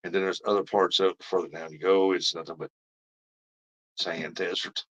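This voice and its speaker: Low-voiced man chatting on a fishing stream. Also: level tone, normal speed, fairly bright tone. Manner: rambling, reads out viewer comments. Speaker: fishing livestream host. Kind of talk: casual live-stream chat. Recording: dull lo-fi stream audio.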